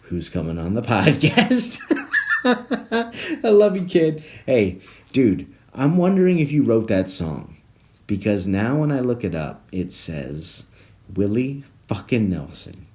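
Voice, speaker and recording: A man hosting a solo podcast, rambling through tangents with lots of swearing and laughter, jumping between low mutters and loud bursts. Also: big pitch swings, unhurried. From South Florida. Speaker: podcast host.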